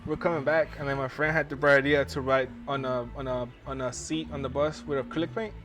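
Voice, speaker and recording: A man's voice: mid-range voice, steady tone, fast, music in the background. A young man hosting a podcast, telling a rambling, profanity-laced story in casual chat and laughing as he goes. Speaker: podcast host.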